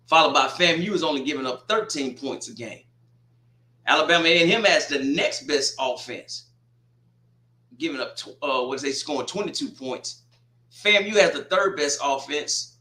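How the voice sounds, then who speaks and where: Animated man in echoey room. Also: medium pitch. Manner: animated, talks straight to teams and viewers. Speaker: sports show host. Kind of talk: casual college football preview.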